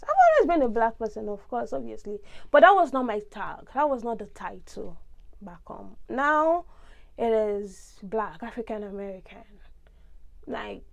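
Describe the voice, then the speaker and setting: A young woman from Nigeria with a Nigerian accent, talking expressively in a casual vlog monologue. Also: mid-range voice. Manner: expressive, ranting, big swings in tone. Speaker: vlogger.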